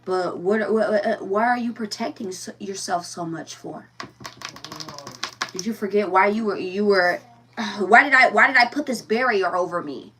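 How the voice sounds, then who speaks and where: A woman's voice: medium pitch, moderate pace, a bit bright, distant mic, slight background noise. A woman giving a casual tarot reading, blunt and profane, firing rhetorical questions and repeating herself. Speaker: tarot reader.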